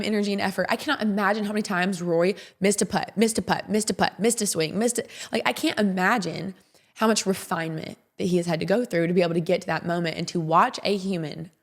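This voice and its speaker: A woman hosting a podcast in a casual, rambling monologue, openly emotional and often repeating herself. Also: mid-range voice. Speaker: podcast host.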